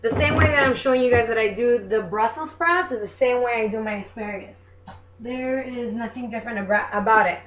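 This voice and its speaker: Young woman, higher voice, chatty cooking demo, echoey kitchen, noisy background. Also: brisk, a bit bright. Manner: chatty, self-deprecating, apologetic asides. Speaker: home cook vlogger. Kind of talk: casual cooking demonstration. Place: home kitchen.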